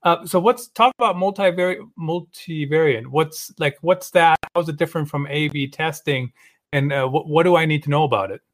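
A man with a Western European accent hosts a podcast interview. He asks friendly questions and pokes fun at himself. His voice sits a little higher than most men's. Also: a little fast. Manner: friendly, self-deprecating questioning. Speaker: podcast host. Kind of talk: interview hosting.

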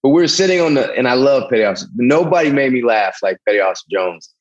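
A middle-aged man from the American South with a Southern accent, telling a long personal story as an interview guest in a rambling, animated way. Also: medium pitch, fast, highs cut off. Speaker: guest, Navy veteran. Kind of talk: casual storytelling.

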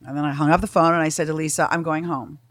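A woman's voice: low voice, steady tone, quick pace, no room sound. A middle-aged woman, a guest in a casual chat, telling a story bluntly with lots of swearing and acted-out dialogue.

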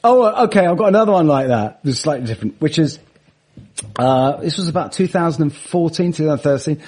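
A man with a husky voice, telling funny anecdotes in casual chat and laughing mid-sentence. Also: on the high side, expressive, a little fast, darkish tone. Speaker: guest, comedian and musician.

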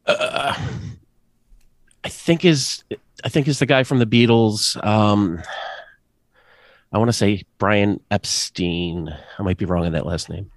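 Very deep-voiced hesitant man. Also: slow, long pauses, no echo. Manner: hesitant, thinks aloud before answering. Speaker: quiz contestant. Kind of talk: casual chat.

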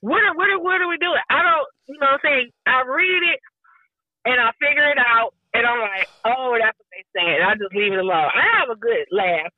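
A woman's voice: on the high side, lively intonation, a little fast, no echo, phone-quality sound. Blunt, slangy woman on a podcast. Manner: blunt, slangy, laughs easily. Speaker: guest podcast host. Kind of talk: casual podcast chat.

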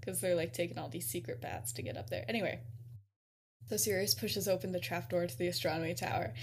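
A young woman co-hosting a podcast, casually retelling a story with frequent giggles, lots of "like", and quick acted-out quotes. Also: on the low side, fairly even intonation, vocal fry, slight background noise. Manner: giggly, peppered with "like", acts out quotes. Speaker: podcast co-host.

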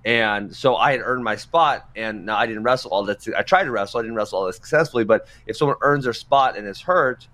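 A man's voice: mid-range voice, a little fast, few pauses. A man co-hosting a casual wrestling talk show, giving opinionated rants. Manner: opinionated, ranting, animated. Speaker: podcast co-host. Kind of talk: casual chat.

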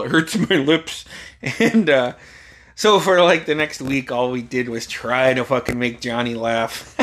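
A man's voice: mid-range voice, fairly bright tone. A middle-aged man hosting a solo podcast, telling a rambling, profane story and laughing as he goes. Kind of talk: casual storytelling monologue.

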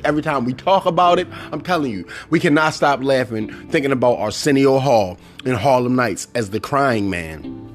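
A middle-aged man hosting a casual solo podcast, talking animatedly and acting out movie lines. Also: mid-range voice. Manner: animated, quotes movie lines in put-on voices. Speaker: podcast host.

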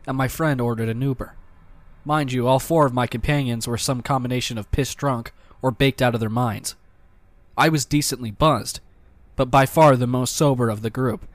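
A man giving scripted narration of reader stories in an even, measured delivery. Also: mid-range voice, no echo.

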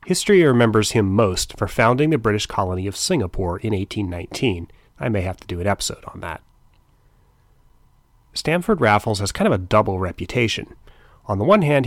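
A man's voice: on the low side, no echo, clean studio sound. A middle-aged man hosting a history podcast, narrating in a scripted but informal storytelling tone with wry asides.

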